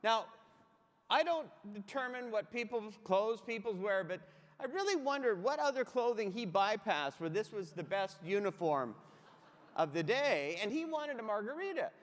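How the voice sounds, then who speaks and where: On a stage mic in a big conference hall, a middle-aged man delivers a comic motivational keynote, firing off punchy stories and asides to the audience. His high voice swings widely in pitch at a normal speed, and the hall adds echoey reverb.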